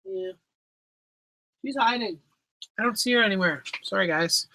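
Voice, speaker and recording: The speaker is a Canadian man with a high-pitched, bright and forceful voice at a moderate pace, captured with a little hiss or hum. Laid-back, he reads chat aloud, jokes and swears while hosting a casual home Q&A live stream on his laptop microphone, with pet enclosures in the room.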